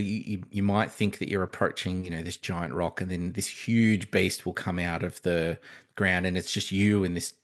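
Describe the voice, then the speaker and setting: Low-voiced man rambling through a chat. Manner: hesitant, many restarts and fillers. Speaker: podcast co-host. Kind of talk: casual chat.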